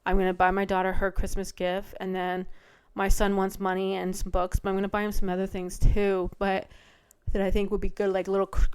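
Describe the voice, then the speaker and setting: A middle-aged woman talks through her podcast at home in a loose, rambling way, full of ums and likes. Her voice is smooth and clear, sitting at an ordinary pitch for a woman. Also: darkish tone. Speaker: podcast host. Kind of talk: casual solo podcast chat. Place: home, by a window.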